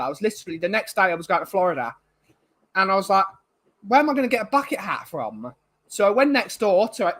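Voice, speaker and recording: Young male stream co-host, high bright voice, rambling and chatty. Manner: rambling, many fillers and restarts. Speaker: livestream co-host. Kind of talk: casual chat, reading viewer comments.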